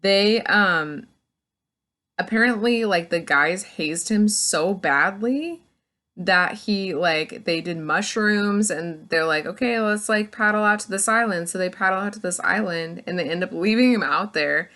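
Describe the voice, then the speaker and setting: Bright-voiced woman gushing about a book. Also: on the low side, unhurried. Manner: gushing, filler-heavy, full of "like". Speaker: book reviewer. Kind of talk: casual spoiler recap.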